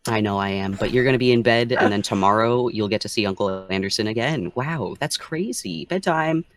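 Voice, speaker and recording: A man playing a tabletop game, speaking gently as a father to his kids. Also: on the low side, fairly even intonation, fast talker. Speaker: player.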